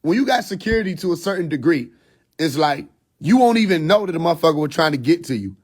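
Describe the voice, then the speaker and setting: A man's voice: on the high side, expressive, fast. A man hosting a phone livestream, lecturing his viewers in a blunt, profane, swaggering way and laughing often. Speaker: livestream host. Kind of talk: casual livestream monologue.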